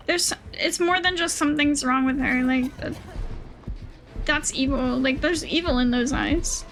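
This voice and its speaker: A woman's voice: high voice, a little slow, over music. A young woman streaming a game live, chatting casually, swearing freely and laughing a lot.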